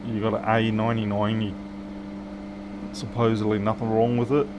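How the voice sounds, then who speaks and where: A man's voice: on the low side, flat delivery, normal speed, background noise. A man, a repair technician bantering with viewers and muttering to himself while he works on a live stream.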